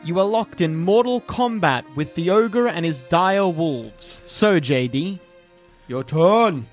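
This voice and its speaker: Unhurried, lively-pitched game master man. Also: faint music behind. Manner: laid-back, chuckling storyteller. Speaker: dungeon master. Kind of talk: narrating a tabletop game.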